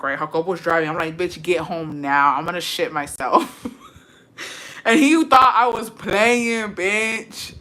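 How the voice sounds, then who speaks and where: Chatting casually on a livestream, a woman reads out viewer comments and tells brash, profane stories. Her voice sits on the low side but sounds bright and sharp-edged, and she switches between English and Spanish as she goes.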